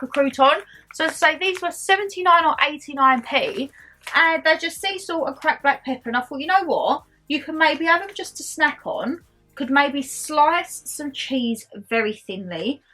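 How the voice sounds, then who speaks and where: Talking to camera about what she bought, this young woman rambles cheerfully in a mixed Essex-Geordie accent. Her voice sits high, sounding pushed and bright.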